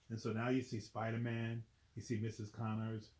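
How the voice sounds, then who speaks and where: A man's voice: on the low side, completely flat delivery, moderate pace, darkish tone, roomy sound. A man reading a children's picture book aloud, chatty, stopping to explain the pictures and asking "right?" often. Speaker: volunteer reader.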